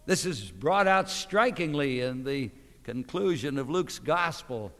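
A man's voice: medium pitch, lively intonation, measured pace, a bit bright, long reverb tail. A man preaching a sermon, emphatic, with rhetorical questions to his listeners.

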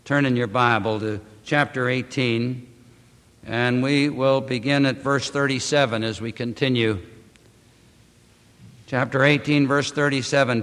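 A man preaching a sermon, reading scripture aloud and speaking to the congregation with emphatic, drawn-out phrasing. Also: medium pitch, fairly even intonation, fairly bright tone. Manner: addresses congregation as beloved. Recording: long hall reverb.

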